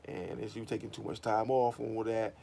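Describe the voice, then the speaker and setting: A man talking straight to the audience in a loose commentary rant. He is blunt and heavy on profanity, swinging between low mutters and animated bursts. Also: fairly quick, gravelly, a little hiss or hum. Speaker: host. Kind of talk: casual commentary monologue.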